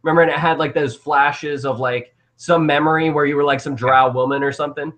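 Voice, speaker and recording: A man's voice: on the high side, steady tone, brisk, a bit bright. A young man narrating as game master, rambling with lots of fillers and restarts.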